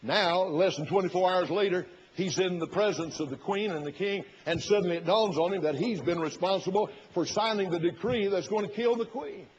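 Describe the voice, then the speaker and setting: A man's voice: high-pitched, brisk, few pauses, a little hiss or hum. Folksy preacher man, lo-fi sermon. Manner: folksy, retells the story with quoted inner thoughts. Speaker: pastor.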